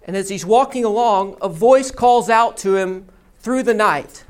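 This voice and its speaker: A pastor preaching a sermon, telling a story and teaching in a deliberate storytelling manner. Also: medium pitch, clean tone.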